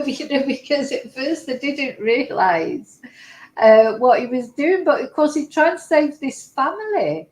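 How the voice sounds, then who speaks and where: A woman's voice: sits high, animated, unhurried, a little mellow, echoey room, low-quality recording. A woman hosting a livestream, reacting to clips with chatty, emotional exclamations. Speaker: host.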